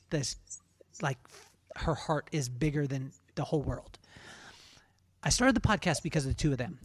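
A man's voice: on the high side, fairly bright tone. A man in his forties hosting a podcast, telling casual, self-deprecating stories with many restarts. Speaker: podcast host. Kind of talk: casual storytelling interview.

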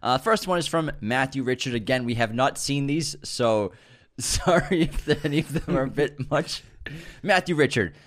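A man's voice: mid-range voice, expressive, moderate pace, a bit bright. A young man with a nasal voice co-hosting a podcast, reading fan jokes aloud in casual banter and laughing often. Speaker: podcast co-host.

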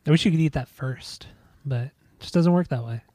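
A young man co-hosts a relaxed podcast and teases his partner in a dry, deadpan way. His voice sits a bit high and sounds mellow and warm. The recording is close and dry. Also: fairly quick, no echo. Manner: dry teasing, runs the segments. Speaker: podcast co-host. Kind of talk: casual chat.

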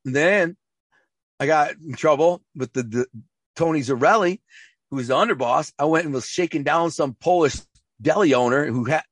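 A man's voice: medium pitch, no room sound. A man telling rambling, profane stories in a casual interview, full of restarts and acted-out quotes, from the Detroit area. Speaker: interview guest, former mob associate and author.

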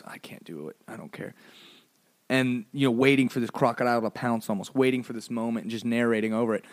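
On a recording with no room sound, a man hosting a podcast tells a funny story from his childhood at a fairly quick clip. His delivery is animated and playful, lurching between low mumbles and high exclamations, with lots of "like" fillers and playful asides.

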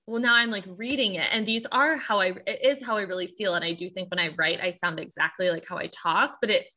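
A woman's voice: mid-range voice, fairly quick, sharp tone. A young woman from the Midwest with a Midwestern accent, chatting casually as a podcast guest, nasal, with rising endings and lots of "like". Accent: Midwestern American. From Midwest United States. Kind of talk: casual chat.

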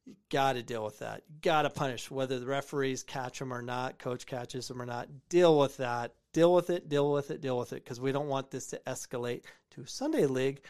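An American man hosts a show reviewing soccer clips, his mid-range voice brisk, a little mellow and smooth. His commentary is casual and opinionated, with phrases repeated for emphasis.

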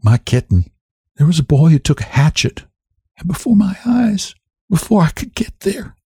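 A man voicing a timid, soft-spoken sheriff's wife who speaks in a hesitant, shrinking way, pitched well above his own voice. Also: sing-song, moderate pace, slightly rough, no echo, studio quality, heavily acted. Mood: haunted.

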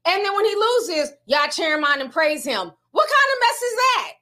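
Woman vlogger, high pitched, gossipy and laughing, slangy chat delivery. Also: sing-song, moderate pace, pushed and bright. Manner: chatty, laughs often, slangy asides. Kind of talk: casual gossip commentary.

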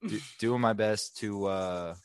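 A man's voice: fairly low pitch, a little slow, clear, resonant tone, no echo, clean studio sound. A young man co-hosting a podcast, telling stories in a laid-back, slangy way, worn out from long workdays. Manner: laid-back slangy storytelling, says dude and bro. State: tired and worn out. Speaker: podcast co-host. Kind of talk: casual chat.

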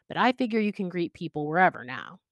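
A woman's voice: on the low side, very animated, fast, no room sound. A woman reading as a cheerful young man. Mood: upbeat. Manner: upbeat, chatty. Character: cheerful young man showing off his house.

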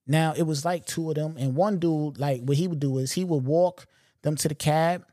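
A man's voice: on the high side, normal speed, dark tone, no room sound, clean studio sound. A man from Long Island hosts a podcast, telling stories in a loose, profane, slangy way and often saying "you know what I'm saying". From Long Island, New York. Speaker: podcast host. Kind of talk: casual storytelling monologue.

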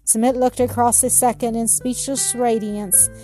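Mellow woman reading a children's story. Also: a little high, little pitch movement, moderate pace, faint music behind. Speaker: narrator. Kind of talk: storybook narration.

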